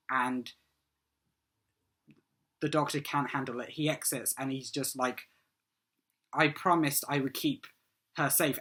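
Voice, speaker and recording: A man's voice: mid-range voice, sharp tone. A man giving a casual solo review of a TV episode, rambling and eager, with many "um"s and "like"s.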